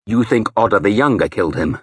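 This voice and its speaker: Brief: man doing a defiant young Saxon lord, husky voice with lively swings, loud. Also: fairly low pitch, fast, no echo, studio quality. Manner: defiant, shouting. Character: proud young male Saxon warrior lord, quick to anger.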